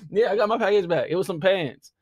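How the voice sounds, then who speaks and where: A young man co-hosting a podcast, telling a story in casual chat, animated and laughing often. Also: sits high, quick pace. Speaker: podcast co-host.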